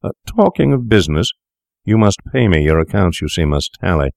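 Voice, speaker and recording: A calm, persuasive young doctor, as a male reader puts him on, smooth and quietly menacing. His voice sits deep and low, and the dry, close recording has no room sound around it. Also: fairly quick, no room sound, exaggerated voice. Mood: coaxing.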